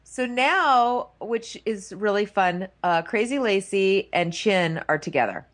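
Mom cohost chatting thru the episode, mid pitch, lots of ups n downs. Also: female voice, lively intonation, slow pace. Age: adult. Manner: narrates plot, quotes cast members in playful voices. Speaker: podcast co-host. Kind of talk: casual chat recapping a reality show.

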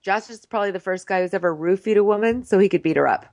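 A woman riffs sarcastically on a reality show, swearing freely and filling her talk with "like". Her voice sits at a middle pitch. The recording is dry and close. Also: quick pace, a little mellow, no room sound. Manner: profane, sarcastic, fills talk with "like". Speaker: podcast co-host. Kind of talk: casual comedic recap.

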